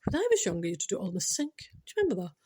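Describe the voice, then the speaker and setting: A woman's voice: mid-range voice, wildly swooping pitch, rapid-fire, warm tone, a little hiss or hum. Chatty Scottish woman telling a comic tale. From Scotland. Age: 40s. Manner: chatty, keeps saying "I know", ad-libs and digresses. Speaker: comic storyteller. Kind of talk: rambling comic monologue.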